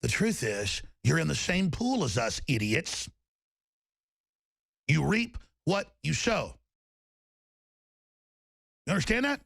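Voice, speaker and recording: A gravelly, husky male host tears into his enemies in a furious, profane rant, shouting at full force. His pitch runs a little high and swings wildly between growls and yells. It is a combative, unfiltered delivery that never really settles down. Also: big pitch swings, takes it slowly, long pauses. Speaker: talk show host. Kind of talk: angry on-air rant.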